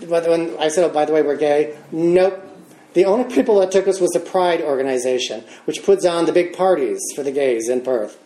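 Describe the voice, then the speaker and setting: An American man in his fifties telling his recovery story as a meeting speaker. He is animated, laughs often and acts out what others said. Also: fairly high pitch. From United States. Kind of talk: personal recovery testimony. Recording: roomy echoey room.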